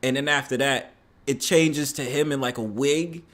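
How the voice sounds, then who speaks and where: Excitable man. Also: mid-range voice, moderate pace. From New York. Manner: excitable storyteller, swearing freely. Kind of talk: casual panel chat.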